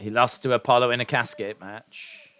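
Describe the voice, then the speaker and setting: A man's voice: medium pitch, fairly even intonation, normal speed, pushed and bright. A man hosting a live watch-along stream, joking and chatting casually to his viewers as he reacts.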